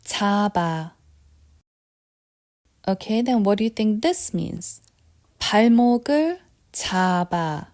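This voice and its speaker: A woman's voice: medium pitch, lively intonation, normal speed, pauses often, darkish tone. A woman teaching vocabulary at a patient pace, repeating words and quizzing the listener. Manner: patient and repetitive, asks quiz questions. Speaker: Korean language teacher. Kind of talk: lesson.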